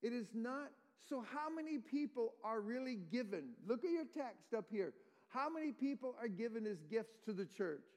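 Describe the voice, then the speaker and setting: A man's voice: very high-pitched, lively intonation, normal speed, few pauses, long reverb tail. A man preaching an expository sermon as pastor, explaining scripture verse by verse and quizzing the congregation.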